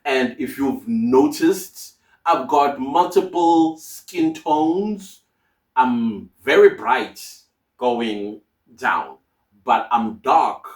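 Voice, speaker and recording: A man's voice: mid-range voice, expressive, very slow. A man giving emphatic, repetitive motivational advice to fellow content creators. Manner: emphatic, repeats key phrases. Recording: roomy sound from a distance.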